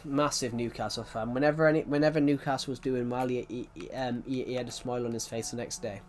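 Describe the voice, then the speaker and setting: Rambling streamer, young man with an English-Welsh lilt, mid-pitched, faint music underneath. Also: fairly even intonation, fast. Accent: mixed English and Welsh. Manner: rambling, restarts sentences, chats with viewers. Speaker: livestreamer reading chat. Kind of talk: casual live-stream chat.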